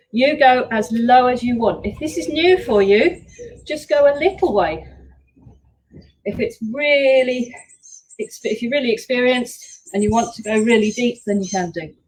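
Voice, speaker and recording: A fairly high-voiced woman talks a home workout class through each exercise. Her coaching is upbeat and chatty, and she sounds slightly out of breath as she moves. She is recorded by a camera set some distance away. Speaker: fitness instructor. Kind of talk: live workout class instruction.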